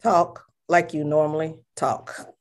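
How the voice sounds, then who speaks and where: A woman in casual conversation about prayer, animated and expressive, acting out prayers with big jumps in her voice. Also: takes it slowly. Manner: animated, acts out prayers with big pitch jumps, laughs often. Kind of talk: casual faith chat.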